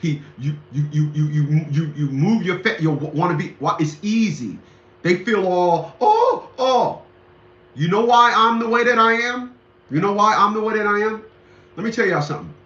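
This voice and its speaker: A middle-aged man hosting a commentary show lectures emphatically in a casual monologue, repeating himself and turning preachy. His voice is high, pushed and bright at normal speed, in an echoey lo-fi room recording.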